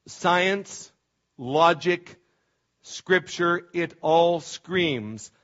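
A middle-aged male pastor preaching with fervent emphasis, his voice pitched a little high for a man. He presses hard on key words and now and then trips over restarts. The church recording sounds dull and lo-fi. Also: drawn-out words, a bit bright. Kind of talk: sermon.

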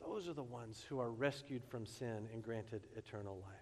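In a large hall with long reverb, a pastor preaches a sermon in a mid-range voice at normal speed, expressively acting out the quotations he reads.

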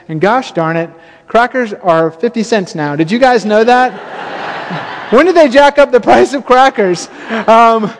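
A man preaching a sermon, telling a personal story with self-deprecating humor and lively quoted asides. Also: sits high. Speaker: pastor. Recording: long reverb of a church hall.

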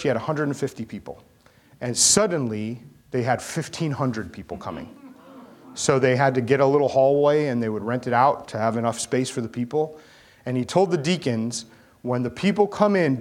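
A male pastor preaching a sermon, animated, acting out voices and asking the crowd questions. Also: medium pitch.

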